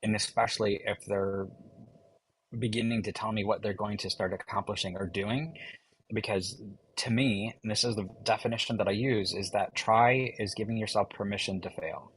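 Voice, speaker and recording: A man's voice: on the low side, steady tone, normal speed, a bit bright, slight background noise, low-quality recording. A man who works as a life coach, talking in a firm, direct way during a casual podcast chat.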